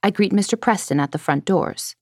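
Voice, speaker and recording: A woman narrating a first-person audiobook in a prim, precise and measured way, close to a studio mic. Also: medium pitch, darkish tone, breathy edge, dry recording.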